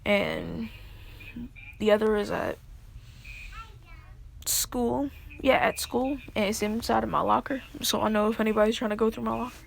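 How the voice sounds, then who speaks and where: A woman's voice: medium pitch, very animated, moderate pace, creaky, long pauses, slight background noise. A young woman telling a story casually, rambling with lots of fillers.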